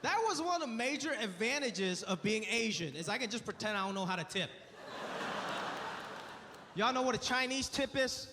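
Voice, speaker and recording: A man doing a stand-up comedy set, telling stories in an animated way and acting out voices. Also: very high voice, moderate pace, pauses often, noisy background. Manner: animated storytelling with acted voices. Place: theater stage with live audience. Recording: roomy hall with crowd laughter. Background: audience laughing.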